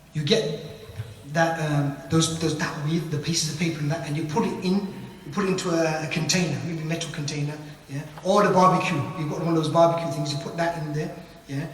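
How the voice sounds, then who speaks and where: British man, high voice, casual rambling lesson, heavy echo from far away in a big room. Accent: British English. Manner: loose, repetitive explaining with tag questions. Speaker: ruqya teacher. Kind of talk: informal spoken lesson. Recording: echoey hall from far off.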